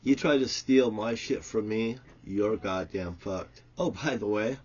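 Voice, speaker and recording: A man rails against his enemies in a husky, somewhat low voice. His delivery lurches from loud, cursing outbursts to quiet, grumbling anecdotes. The recording sounds dull and lo-fi. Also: a little slow. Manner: shouting curses, swinging from loud outbursts to low muttered storytelling. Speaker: self-styled prophet ranting to camera. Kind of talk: angry profane monologue.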